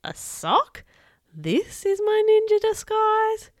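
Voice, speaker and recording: Give me a woman voicing a young boy hero from a storybook, high and excitable. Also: normal speed, no echo, clean studio sound. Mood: anxious. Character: young boy hero, nervous but eager.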